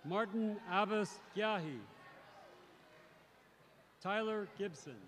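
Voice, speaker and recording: A male teacher reading out graduates' names one by one at a graduation ceremony in a large arena, in a measured announcing manner. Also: high voice, a bit bright. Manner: measured, announcing each name, with brief self-corrections. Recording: crowd noise in a large arena. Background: crowd cheering.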